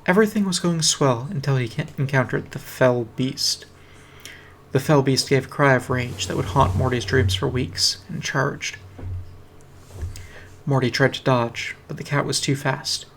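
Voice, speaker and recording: A man's voice: medium pitch, unhurried, a bit bright, slight background noise. A man reading a fantasy fan story aloud on a stream, with a dry, wry delivery. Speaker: reader. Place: home streaming setup. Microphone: streaming mic.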